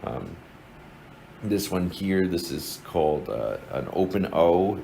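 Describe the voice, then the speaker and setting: Deep-voiced New Jersey man teaching. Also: slow pace, gravelly, a little hiss or hum, rough recording. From New Jersey, USA. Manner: relaxed, explanatory, many fillers and restarts. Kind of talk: informal lesson.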